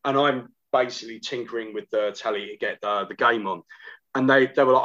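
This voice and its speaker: A man's voice: medium pitch, brisk, fairly bright tone, dull audio. A man as a podcast guest, telling casual anecdotes with quoted asides. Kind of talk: casual chat.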